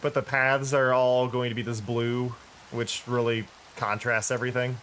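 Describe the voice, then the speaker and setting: A man's voice: mid-range voice, level tone, moderate pace, a bit bright, slight background noise. A tired-sounding man streaming a game, thinking aloud in casual commentary with frequent restarts. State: tired, yawning.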